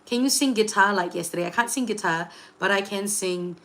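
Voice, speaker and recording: Young woman chatting on a livestream, lots of like and you know, gets excited greeting chat. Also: medium pitch, fairly quick. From Singapore. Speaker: livestream host and tarot reader.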